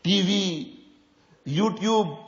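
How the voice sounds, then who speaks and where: High-voiced man preaching in an echoing hall. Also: very slow. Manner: impassioned, rising to loud urgent questions. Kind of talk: sermon with storytelling. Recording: dull lo-fi recording with long hall reverb.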